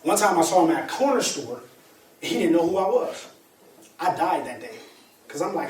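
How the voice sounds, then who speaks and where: A man speaking as a motivational speaker, telling a personal story to an audience in an animated, colloquial way with laughter. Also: fairly high pitch, brisk, pauses often, a little hiss or hum. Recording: echoey room, distant mic, faint ambience.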